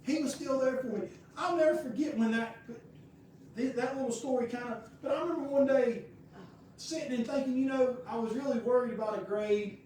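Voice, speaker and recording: A man's voice: very high-pitched, a little fast, darkish tone, distant mic, a little hiss or hum. A male pastor, telling a personal story in a folksy, rambling, conversational sermon. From United States. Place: church sanctuary. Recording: very echoey room heard from afar.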